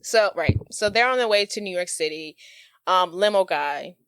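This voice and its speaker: A woman co-hosting a podcast, chattily retelling a movie plot with laughs and quick quoted voices. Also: fairly low pitch, animated, a bit bright, clear, resonant tone, no room sound. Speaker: podcast co-host. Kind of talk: casual movie recap chat.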